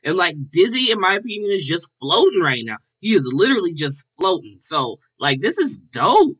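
A man hosts a casual music reaction in a bright, forward voice. He talks in an upbeat, loose way and keeps tossing in "like" and "all right?" between thoughts. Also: high voice, animated, a little fast. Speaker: host.

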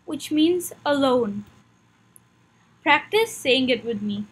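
A woman with a high, light voice gives a lesson at a very slow pace. She says each word with careful, drawn-out enunciation and repeats it for practice. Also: lively intonation, fairly bright tone, poor audio. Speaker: language teacher. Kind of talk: slow, clear pronunciation lesson.

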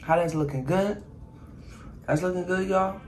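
Her voice is on the low side and unhurried as she vlogs casually through cooking and eating, with background noise behind her. Talking straight to "y'all," the woman samples her dishes and playfully boasts about how good they are.

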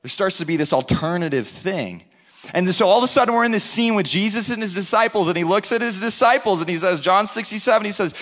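A young man preaching as a youth pastor in a church service, excited and animated, with frequent restarts. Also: sits high, fast. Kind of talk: sermon.

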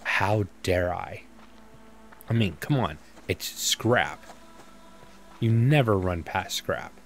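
A man's voice: sits low, animated, slow pace. A man giving casual let's-play commentary as a gaming YouTuber, rambling and self-mocking as he thinks aloud.

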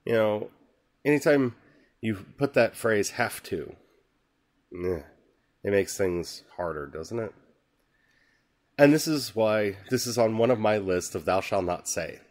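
A man hosting a podcast, reading a scripture passage slowly and musing on it in an earnest, conversational way. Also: lowish voice, lively intonation, a little mellow. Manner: slow, earnest, musing aloud. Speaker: podcast host. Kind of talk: reflective scripture talk.

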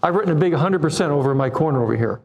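A man in his seventies preaching a sermon, animated, acting out quoted voices and putting questions to the congregation. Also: fairly high pitch, very fast, dull audio. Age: 70s.

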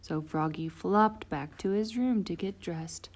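A woman reading a children's picture book aloud, expressive and playing out the sound effects. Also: on the low side, measured pace. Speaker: storybook reader.

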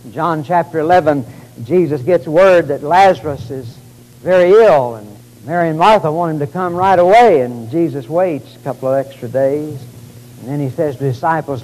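A man preaching a sermon in a church, swinging from quiet storytelling to loud, drawn-out outbursts. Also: fairly high pitch, rough recording. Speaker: pastor. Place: church sanctuary.

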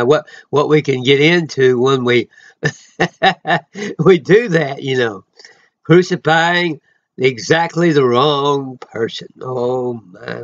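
A man giving an informal, rambling sermon he records himself, full of emotional asides and sudden loud exclamations. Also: mid-range voice, muffled recording. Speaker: preacher.

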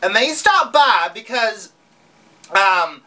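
A woman's voice: medium pitch, animated, slow pace, sharp tone. A woman playing a brash, giggly, crude small-town news host in a comedy sketch.

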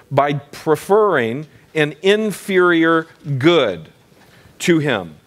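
A man teaching a church class as pastor, speaking conversationally and pausing to ask the group questions. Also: on the high side. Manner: conversational, asks the class questions, frequent restarts.

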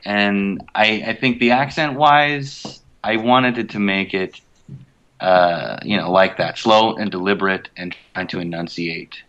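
Relaxed man with a low voice, chatting. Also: a little slow, dull audio. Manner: relaxed, thoughtful, lots of fillers and restarts. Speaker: voice actor guest. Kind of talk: casual interview chat.

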